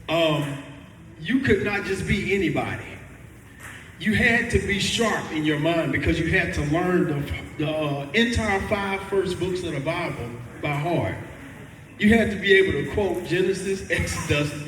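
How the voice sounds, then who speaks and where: High-voiced preacher in an echoey hall. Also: male voice, a bit bright, a little hiss or hum. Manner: conversational, folksy, quizzes the audience. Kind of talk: sermon. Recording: echoey hall, mic from far off.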